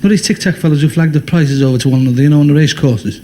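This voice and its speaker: A man's voice: fairly high pitch, rapid-fire, mellow. Man, stand-up comic, chatty, laughs at own jokes, faint hiss. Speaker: stand-up comedian. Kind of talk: stand-up joke telling.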